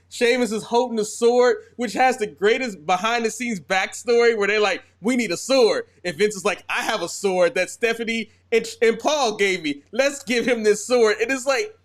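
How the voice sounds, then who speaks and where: High-voiced man chatting about wrestling. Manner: animated storyteller, acts out quotes. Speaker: podcast co-host. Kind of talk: casual wrestling podcast chat.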